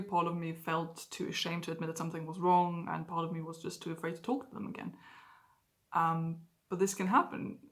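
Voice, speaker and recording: A woman vlogging candidly about her own experiences, swearing freely and acting out her past outbursts. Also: lowish voice. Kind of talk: personal confessional vlog.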